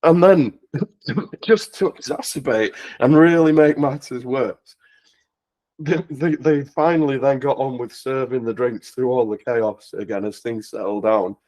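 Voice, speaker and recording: A man's voice: medium pitch, a little slow, a little mellow, low-quality recording. A man telling a personal story on a charity livestream, laughing often and restarting his sentences. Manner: laughs through the story, with frequent restarts and stumbles. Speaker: guest speaker on a charity talkathon livestream. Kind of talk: casual anecdote storytelling.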